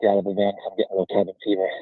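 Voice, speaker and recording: A man's voice: lowish voice, slightly rough, no room sound. A man in his thirties, a guest talking casually and energetically outdoors by a campfire in freezing weather, his voice a little shaky from the cold. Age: 30s. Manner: rambling, energetic, with fillers. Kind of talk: casual interview talk. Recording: tinny phone-like call line.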